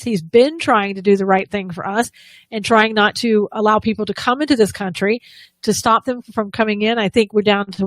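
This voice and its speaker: A woman's voice: mid-range voice, dry recording. A woman co-hosting a live political talk show, giving opinionated commentary with frequent restarts and sarcastic asides.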